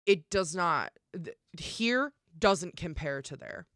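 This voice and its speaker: A young woman streamer talking casually and emphatically, swearing often and filling pauses with "um" and "like". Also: lowish voice, expressive, fairly bright tone, dry recording, clean studio sound. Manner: emphatic and profane, with many fillers. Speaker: live streamer. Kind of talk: casual live-stream rant.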